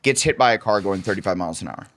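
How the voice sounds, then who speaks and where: A man's voice: low voice, lively intonation, very fast, fairly bright tone. Man, middle-aged, podcast co-host, casual storytelling, swears a lot, acts out dialogue. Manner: rambling anecdotes, profane, acts out quotes.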